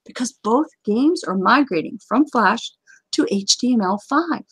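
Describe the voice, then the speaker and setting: A woman's voice: on the high side, lively intonation, a little slow, breathy edge, dry recording. A woman hosting a casual gaming chat, talking in a chatty, joking way with sudden exclamations. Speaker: game community host.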